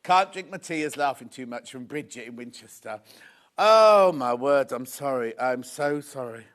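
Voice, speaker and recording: A man's voice: mid-range voice, expressive, moderate pace, fairly bright tone. Man laughing through a live sales show. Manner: giggly, breaks into laughter, reads viewer messages aloud. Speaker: shopping channel presenter. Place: TV studio.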